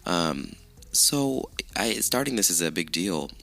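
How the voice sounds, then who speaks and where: A man hosting his own podcast, chatting casually with lots of swearing and self-mockery, his voice rough with morning allergies. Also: low voice, very animated, slow pace, bright, forceful tone. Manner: chatty, profane, self-mocking. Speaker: podcast host. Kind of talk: casual solo podcast chat.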